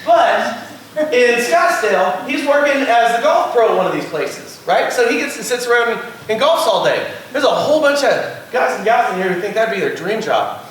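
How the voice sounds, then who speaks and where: High-voiced man telling stories in an echoey classroom. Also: sing-song, normal speed, a bit bright. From California. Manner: chatty storyteller, acts out quotes, laughs often. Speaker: guest speaker at a real estate class. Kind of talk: classroom talk with anecdotes. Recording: echoey room, voice far from the mic, faint background noise.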